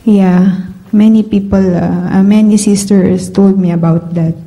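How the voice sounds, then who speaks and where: A woman's voice: mid-range voice, fairly even intonation, measured pace, dark tone, low-quality recording. A woman from the audience giving short, hesitant answers as she prepares to take her shahada.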